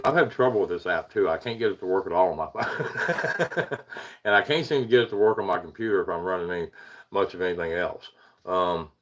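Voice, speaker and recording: A man hosting a casual livestream, rambling, greeting viewers by name and chuckling at himself. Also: low voice. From Eastern United States. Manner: rambling, self-deprecating, chuckles often, greets chatters. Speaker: paranormal livestream host.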